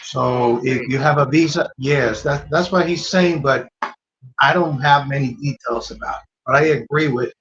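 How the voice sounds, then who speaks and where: A man's voice: medium pitch, moderate pace, fairly bright tone, muffled recording, a little hiss or hum. A man answering on a casual podcast in a hesitant way, repeating himself and stumbling over his words.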